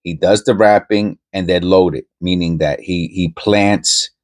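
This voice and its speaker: Low-voiced man rambling about coins. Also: steady tone, unhurried. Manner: rambling, self-interrupting, conversational. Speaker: coin-hunting channel host. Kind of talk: casual commentary to camera.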